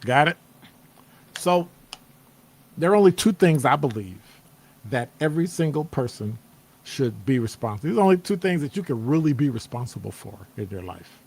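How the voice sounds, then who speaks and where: Midwestern man, casual motivational talk, animated and playful, acts out reactions. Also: mid-range voice, moderate pace, slightly rough. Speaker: host. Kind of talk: casual motivational talk to a live-stream audience. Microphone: streaming setup microphone.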